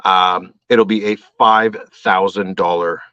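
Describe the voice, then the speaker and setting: Speaking slowly in a low voice, a man from Canada chats casually as a guest on a show. He animates his stories by voicing the characters, and the call audio sounds dull and dry.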